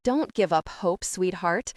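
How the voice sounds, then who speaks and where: A woman reading the part of a tender motherly woman with a soft Southern drawl, her voice sitting a little higher than the narration. The audiobook is recorded dry and close, with no room sound. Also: lively intonation, unhurried, no echo. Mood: tender, reassuring.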